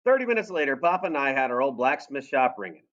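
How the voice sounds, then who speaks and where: Male teacher reading a chapter aloud in class, expressive storyteller, slightly muffled recording. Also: medium pitch, fast talker. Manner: expressive storytelling with lively voices.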